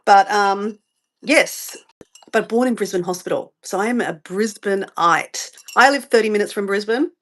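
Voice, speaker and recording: A woman's voice: mid-range voice, moderate pace, a bit bright. Chatty middle-aged Australian woman rambling. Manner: rambling, chatty, sidetracked, answers viewer comments. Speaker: vlogger livestreaming her morning routine. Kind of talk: casual live-stream chat to viewers.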